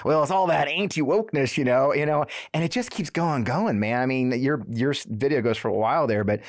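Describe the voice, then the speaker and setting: Fast-talking, animated male podcast host. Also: medium pitch. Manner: animated, stammering, exasperated. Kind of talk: casual podcast chat.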